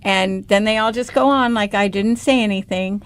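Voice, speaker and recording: A woman's voice: mid-range voice, moderate pace. An American woman co-hosting a podcast, speaking earnestly and outspokenly in casual discussion. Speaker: podcast co-host.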